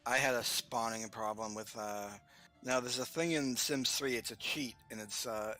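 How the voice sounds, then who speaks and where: A man's voice: medium pitch, fairly even intonation, normal speed, sharp tone, soft background music. A man in casual chat during a game stream, rambling and joking with frequent laughter. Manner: jokey, rambling, laughs often.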